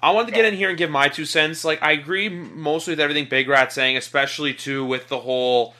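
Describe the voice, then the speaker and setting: A man's voice: a little high, quick pace, sharp tone. A man chiming in on a football podcast, rambling with lots of fillers. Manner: rambling, many fillers, talks in long runs. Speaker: podcast co-host. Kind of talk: casual sports debate.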